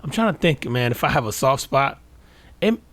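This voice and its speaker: A man's voice: medium pitch, normal speed, dry recording. Laughing storyteller man, dry close mic. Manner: animated storyteller, says "bro" a lot, laughs often. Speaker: podcast co-host. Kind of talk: casual chat.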